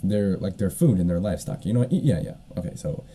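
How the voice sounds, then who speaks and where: A man's voice: deep voice, fast talker, mellow, slight background noise. A man hosting a solo podcast, retelling a story in a casual, rambling way with lots of fillers and the odd cough. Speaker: podcast host.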